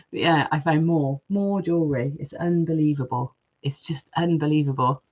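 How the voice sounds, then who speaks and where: A woman's voice: sits low, moderate pace, muffled recording. A woman hosting a live jewellery-making stream, chatting casually and reading viewer comments aloud.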